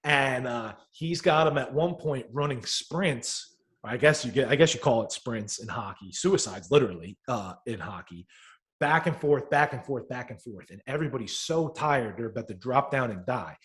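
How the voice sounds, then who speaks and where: Animated, swearing man telling stories. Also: medium pitch, normal speed. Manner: animated storyteller, swears freely, acts out quotes. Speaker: podcast co-host. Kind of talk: casual podcast chat.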